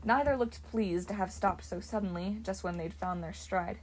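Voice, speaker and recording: A woman narrating a fantasy novel in an expressive storybook reading. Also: mid-range voice, moderate pace, low-quality recording. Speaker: audiobook narrator. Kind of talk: audiobook narration.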